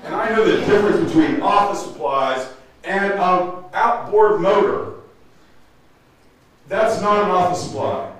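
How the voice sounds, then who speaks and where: A man's voice: high-pitched, measured pace. A man in his sixties speaking at a town hall, emphatic and indignant. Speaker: resident speaking at a meeting. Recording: echoey hall, mic far off.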